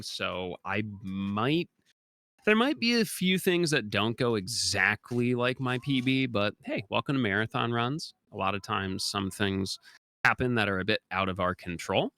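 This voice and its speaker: A man's voice: medium pitch, creaky, bright, forceful tone, no echo. A young man giving chatty, explanatory live commentary during a speedrun, with many filler ums.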